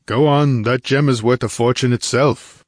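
A man voicing a gruff barbarian warrior who grunts orders in short, blunt commands, in an audiobook. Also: fairly low pitch, normal speed, no room sound, studio quality, close to an everyday voice. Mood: commanding.

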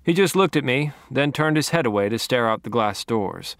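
A man narrating a novel in the first person with a wry, deadpan delivery. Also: mid-range voice, moderate pace, no echo, clean studio sound. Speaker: audiobook narrator.

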